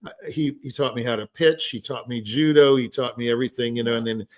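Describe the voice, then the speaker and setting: This older podcast host talks fast in a mid-range, slightly mellow voice. Chatting casually, he tells meandering anecdotes, starting over often and filling gaps with "you know."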